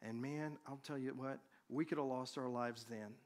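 A man preaching, a pastor telling a personal story to his congregation in a conversational, animated way. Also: mid-range voice, normal speed.

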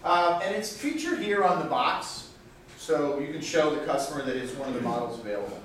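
A man's voice: a little high, expressive, a little fast, background noise. Upbeat man giving sales training in an echoey room. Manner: upbeat, chatty, laughs between points. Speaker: product trainer. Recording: echoey room, mic far off.

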